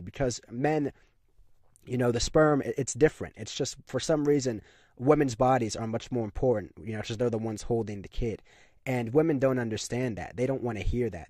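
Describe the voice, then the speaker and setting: A young man talking straight to camera in a heated, insistent rant, hammering the same points again and again with plenty of "you know" and "like". His voice sits at an ordinary middle pitch. The recording is dry and close, with no room sound at all. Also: a little mellow, dry recording. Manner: emphatic, repetitive ranting with frequent fillers. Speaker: commentary channel host. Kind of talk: opinionated monologue to camera.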